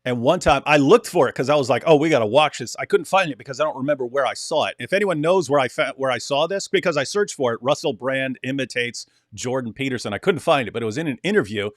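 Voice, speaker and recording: A man's voice: medium pitch, no echo, clean studio sound. A man co-hosting a casual livestream chat, rambling and laughing as he talks. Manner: rambling, laughing, mock accents. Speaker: co-host.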